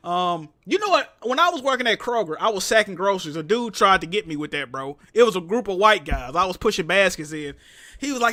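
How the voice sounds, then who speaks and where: A man's voice: high-pitched, big pitch swings, fairly quick, pushed and bright, no room sound, clean studio sound. A young man hosting a casual livestream, reading donations and talking with slang, swearing and laughter. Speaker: livestream host.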